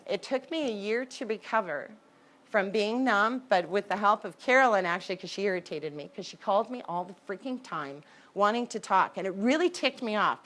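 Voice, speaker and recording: A woman telling a personal story in a candid, conversational way, with sudden jumps in pitch and loudness. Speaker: horse owner telling her story.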